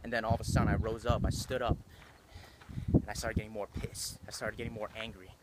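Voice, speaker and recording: Emphatic man over loud outdoor noise. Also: lowish voice, level tone, fast talker. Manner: emphatic, repeats phrases for effect. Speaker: motivational vlogger. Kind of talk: motivational monologue.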